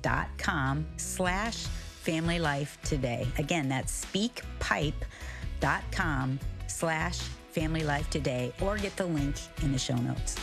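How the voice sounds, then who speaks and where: A woman hosting a radio program, calmly inviting listeners to leave messages. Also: low-pitched, takes it slowly, music in the background. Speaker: radio host. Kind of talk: program announcements.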